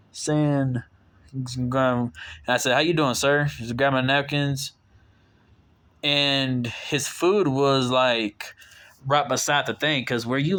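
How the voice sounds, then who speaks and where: Rambling young man. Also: fairly bright tone. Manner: rambling, frequent fillers and restarts, exasperated asides; voices his own quoted retorts in a sharply raised pitch. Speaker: vlogger telling a work story. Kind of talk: casual storytelling to viewers.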